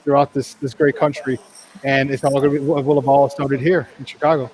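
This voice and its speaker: A man's voice: mid-range voice, level tone, a little fast, crowd noise. A man co-hosting a live sports talk show, rambling with many restarts. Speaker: co-host. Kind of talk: live sports radio chat.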